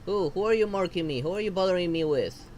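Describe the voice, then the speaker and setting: A woman's voice: lowish voice, fast, darkish tone, faint music behind. A woman from Argentina, streaming a gacha game and ranting in frustration with lots of swearing.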